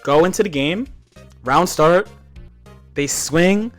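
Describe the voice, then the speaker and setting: A man streaming, telling stories in animated, profane casual chat with frequent laughs. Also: on the high side, slow pace, pauses often, faint music behind. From United States. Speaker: streamer reacting to a video.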